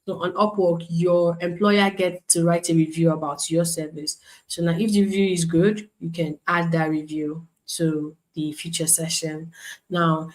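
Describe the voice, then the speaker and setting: A woman with a fairly low voice leads a live virtual lesson over a stream. She teaches in a loose, conversational way, circles back to repeat her points, and reads comments from the chat aloud. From Nigeria. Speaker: online class instructor. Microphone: computer mic on a live stream.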